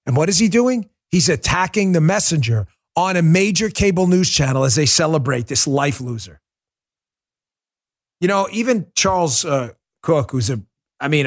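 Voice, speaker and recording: A middle-aged man hosting a political talk show, delivering a heated, forceful monologue with emphatic repetition. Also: fairly high pitch.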